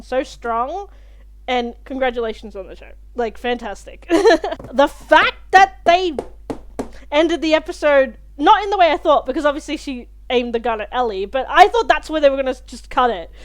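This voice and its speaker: A young woman hosting a reaction video, talking through an episode in a chatty, animated way and swearing freely. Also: high voice. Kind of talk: casual spoken review of a TV episode.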